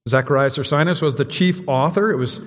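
A man's voice: on the high side, a little fast, big-room sound. A man preaching a sermon to his congregation in a church, speaking plainly and directly to his listeners. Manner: conversational, direct address to congregation. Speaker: pastor. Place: church sanctuary.

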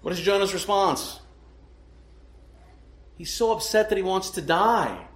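Male pastor, slightly high voice, emphatic sermon delivery, echoey room. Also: expressive, measured pace, fairly bright tone. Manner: emphatic, asks rhetorical questions.

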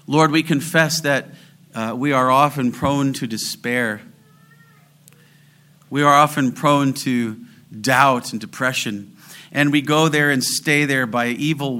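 A man preaching a sermon and leading prayer, swelling loud on scripture and dropping to a hush when he prays. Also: medium pitch. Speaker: pastor.

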